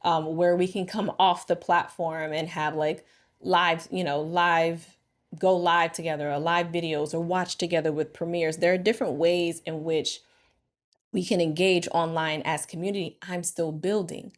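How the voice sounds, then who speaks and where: A woman vlogger and marriage coach talking casually and reflectively to camera, expressive and thinking aloud. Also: on the low side, moderate pace.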